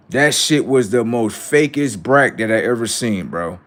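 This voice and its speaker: A man's voice: lowish voice, big pitch swings, slow, few pauses, fairly bright tone. Profane rambling man taunting his chat. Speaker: livestream host. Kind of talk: casual livestream talk to chat.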